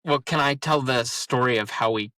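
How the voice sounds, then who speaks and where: Bright-voiced man telling rambling stories. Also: medium pitch, normal speed, no echo. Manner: rambling storyteller, many "like" fillers. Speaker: podcast co-host. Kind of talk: casual conversation.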